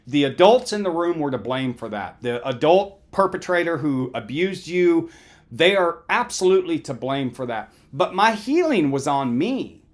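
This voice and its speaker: A man's voice: a little high, sing-song, moderate pace. A middle-aged man giving an earnest, conversational motivational lecture on recovery, often checking in with listeners. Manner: earnest, conversational, addresses listeners directly with "right?".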